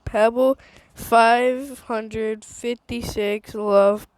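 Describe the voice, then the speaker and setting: Woman, high voice, slow delivery, giggly gaming streamer on a handheld mic. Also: clear, resonant tone, no room sound, poor audio. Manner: giggly, excitable, laughs a lot. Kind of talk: casual gameplay chatter. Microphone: handheld microphone.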